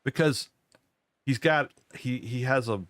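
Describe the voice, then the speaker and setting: A man's voice: medium pitch, measured pace, fairly bright tone, no echo. An older man, rambling folksy storytelling while he plays a game at home. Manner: rambling, repeats himself, folksy. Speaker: gaming channel host. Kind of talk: casual storytelling over gameplay.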